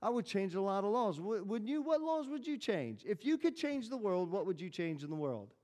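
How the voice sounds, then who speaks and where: Chatty pastor in a reverberant hall. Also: male voice, high voice, very animated, fairly quick, dark tone. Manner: chatty, storytelling, asks the room questions. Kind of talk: conversational sermon with congregation questions. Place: church hall.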